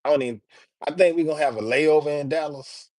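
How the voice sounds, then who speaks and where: A man talks casually on a livestream, reading chat and tossing out shout-outs. His delivery is laid-back and full of slang, at an ordinary pitch. The sound is close and dry. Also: fast, dry recording.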